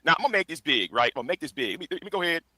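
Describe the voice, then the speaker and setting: A man lecturing in a preachy way, his voice very bright and sharp, pitched a little above the usual. He pauses and restarts as he builds his points. The recording is dry and close. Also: sing-song, dry recording, low-quality recording. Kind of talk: lecturing video commentary.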